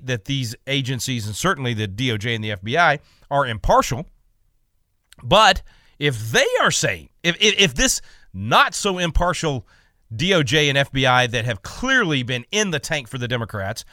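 A man's voice: medium pitch, pushed and bright, no echo, studio quality. A man hosting a talk radio show, giving emphatic, indignant commentary with frequent stammered restarts.

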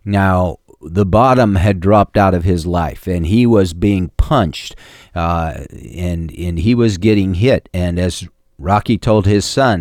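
A male preacher giving a sermon in a folksy, halting way, with fillers and restarts. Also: fairly low pitch, a little mellow, no echo, studio quality.

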